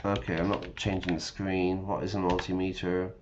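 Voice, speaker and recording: A man's voice: low voice, little pitch movement, normal speed, dull audio, background noise. A man reading game text aloud and patiently explaining words to English learners, often checking in with listeners. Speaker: English teacher streaming a game.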